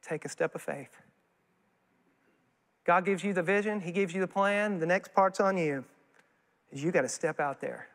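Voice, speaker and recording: A man preaching as a guest speaker, folksy and animated, telling stories and acting out quoted voices. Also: sits high, moderate pace, long pauses. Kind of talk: sermon. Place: church sanctuary. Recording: long church hall reverb.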